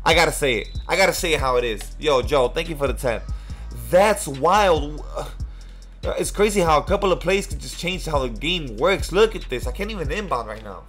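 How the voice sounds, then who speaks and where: A man's voice: on the high side, animated, normal speed, a bit bright, soft background music. Cursing, heated young man streaming. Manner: frustrated, cursing, trash-talking. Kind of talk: live game stream commentary.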